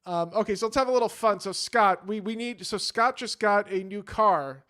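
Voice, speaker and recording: A man's voice: sits high, normal speed, pushed and bright, smooth. A man co-hosting a live stream, reading viewer comments aloud and prompting his guest. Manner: reads comments aloud, prompts the other speaker.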